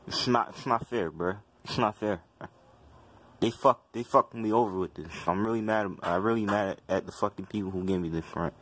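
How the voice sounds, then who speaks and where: A man's voice: lowish voice, normal speed, a bit bright, dry recording. A young man vlogging to camera, complaining in an agitated, profane, repetitive rant.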